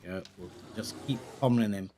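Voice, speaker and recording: A man giving let's play commentary, chatting calmly and then yelling in panic. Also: fairly low pitch, fairly quick, background noise. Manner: excitable, swings from calm chatter to yelling in panic. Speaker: gaming video creator.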